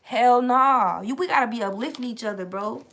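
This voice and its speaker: A young woman telling a casual, profane story to her viewers, animated and streetwise. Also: on the high side, normal speed. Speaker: tarot reader and channel host.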